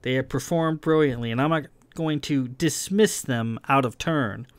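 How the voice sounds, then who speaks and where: A man reading a patient, firm starship captain who speaks calmly. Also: mid-range voice, moderate pace, dry recording, natural voice.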